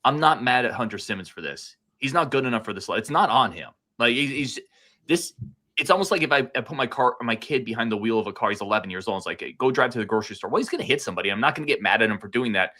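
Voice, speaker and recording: A man co-hosting a casual sports podcast, fired up and talking like an excited fan, a few beers in. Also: medium pitch, fast. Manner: fired-up, animated fan talk. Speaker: podcast co-host.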